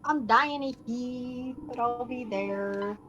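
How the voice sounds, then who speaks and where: High-pitched girl on voice chat, super slow drawl, teasing, faint music under. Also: fairly bright tone, dull audio. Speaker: friend on voice call. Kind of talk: casual voice chat. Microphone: voice call over Discord.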